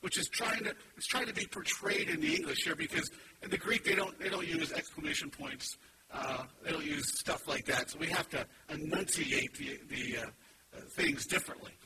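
A man in his fifties preaching a sermon, telling family stories quickly with sarcastic humor. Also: high voice, animated, vocal fry. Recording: distant mic with loud background noise.

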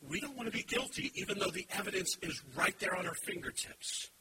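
A male pastor preaching with a high, lively voice that swoops up and down. He drops to quiet asides, then shouts his points. A steady hiss runs under the recording. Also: fairly quick. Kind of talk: sermon.

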